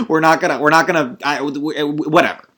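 A man's voice: a little high, normal speed, a bit bright. Exasperated man ranting on a podcast. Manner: rambling, exasperated, swearing, full of restarts and asides. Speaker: podcast host. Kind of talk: casual film-review rant.

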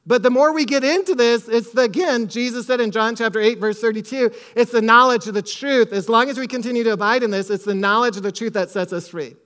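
A male pastor with a very high-pitched voice preaches quickly, with hardly any pauses, using emphatic repetition. He quotes scripture and tells a family story, sometimes dropping almost to a hush.

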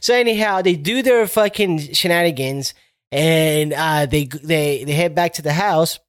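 A man's voice: fairly high pitch, measured pace, smooth, dry recording, clean studio sound. A young man in a casual chat, retelling a plot in a rambling, profane way.

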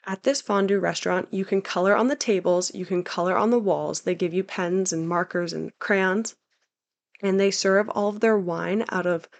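A young woman talking through travel tips in a casual, upbeat, chatty way as a travel vlog host. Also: medium pitch. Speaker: travel guide.

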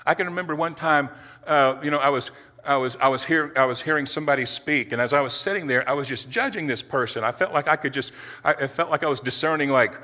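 Earnest, tense-voiced preacher, echoing hall. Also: male voice, fairly high pitch, pushed and bright. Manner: earnest, halting, with many restarts. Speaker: preacher giving a testimony. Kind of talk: personal testimony sermon.

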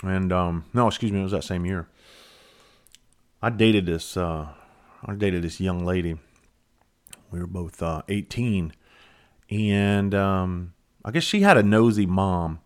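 A middle-aged man with a fairly low voice spins a casual yarn for his podcast listeners. He rambles, curses freely and pokes fun at himself as he talks. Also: measured pace, long pauses, clean tone. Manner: loose, profane, rambling and self-mocking. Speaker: podcast host. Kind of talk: casual storytelling.

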